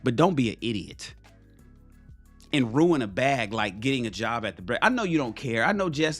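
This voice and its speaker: A man's voice: mid-range voice, animated, normal speed, soft background music. A man ranting bluntly and profanely on a casual live stream, preaching to his viewers.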